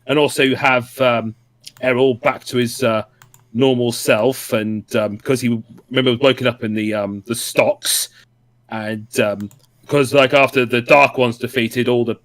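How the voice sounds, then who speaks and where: A man casually recapping a comic for a podcast, pausing often with ums and acting out short quoted asides. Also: medium pitch, no room sound. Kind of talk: casual chat.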